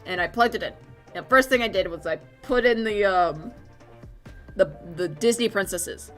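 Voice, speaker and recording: A woman's voice: mid-range voice, moderate pace, a bit bright, faint music behind. A young woman streamer chatting casually and rambling while she draws, with a dry, sore throat. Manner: chatty, rambling, swears freely. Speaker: streamer and artist.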